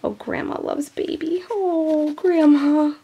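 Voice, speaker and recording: A woman reading a picture book aloud to children in a gentle, chatty, teacherly way. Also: high-pitched, fairly even intonation, slow. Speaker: children's storyteller.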